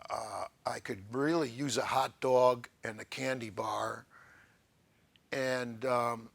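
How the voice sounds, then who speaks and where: Gravelly guy hosting a comedy bit, deadpan, lots of uhs and ums, real slow. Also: mid-range voice. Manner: halting, full of pauses and fillers. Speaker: host.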